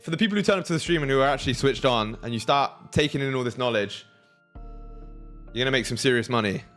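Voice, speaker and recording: Young man, slangy live-stream chat, mid pitch, faint music behind. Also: fast, fairly bright tone. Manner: slangy, hypes the chat, thinks aloud. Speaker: trading livestream host.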